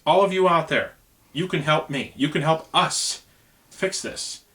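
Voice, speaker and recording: A man's voice: fairly high pitch, moderate pace, fairly bright tone. Earnest rambling man on camera. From United States. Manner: earnest, rambling, conversational, many "you know"s. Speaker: truck driver running for president. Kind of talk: casual campaign video to camera.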